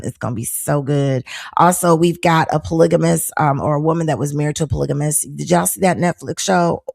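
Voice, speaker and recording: A woman's voice: on the low side, vocal fry, dry recording, studio quality. A middle-aged woman hosting a live podcast, talking casually and animatedly to viewers with fillers and laughter. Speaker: podcast host. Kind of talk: casual live-show chat.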